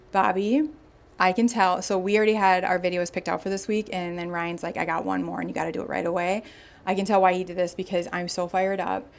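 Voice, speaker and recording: A young woman hosting a podcast, retelling a listener's story in a casual, animated way and acting out the people in it. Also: on the low side, brisk. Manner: animated, acts out quoted voices. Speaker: podcast host.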